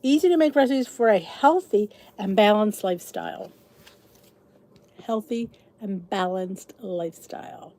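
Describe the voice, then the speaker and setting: Chatty woman host, lively high voice. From United States. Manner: chatty, greets viewers by name, frequent laughs. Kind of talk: casual livestream chat.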